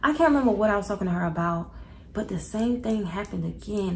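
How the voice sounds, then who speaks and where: A young woman tells a storytime in a casual, slangy way and speaks right to her viewers. Her voice sits at a middling pitch with plenty of gravelly fry. There is a faint room hum behind her. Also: fairly quick, rough recording. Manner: animated, slangy, talks straight to viewers. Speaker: vlogger.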